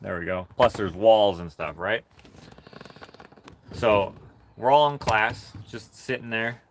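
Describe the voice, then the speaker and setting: A man's voice: lowish voice, steady tone, slow pace, slight background noise. A man on a livestream telling a rambling story in a casual way and laughing through it. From Canada. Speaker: livestream host.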